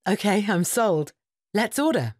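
A woman's voice: medium pitch, expressive, unhurried, dry recording, clean studio sound. A woman voicing a cheerful young diner in a scripted textbook dialogue. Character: young woman undecided over her order.

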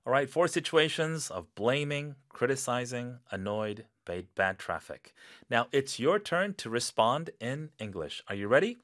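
Lively male English teacher acting out phrases. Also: medium pitch, unhurried, no room sound, studio quality. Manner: acts out reactions and spells out words. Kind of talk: bilingual English lesson.

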